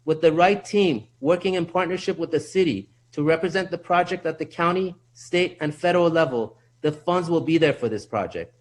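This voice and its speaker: Man at a council podium, slightly high voice, earnest and a bit winded. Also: moderate pace, hardly any pauses. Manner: earnest, repeats himself when restarting. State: slightly out of breath. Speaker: public speaker at city council. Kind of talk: prepared public comment. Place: council chamber.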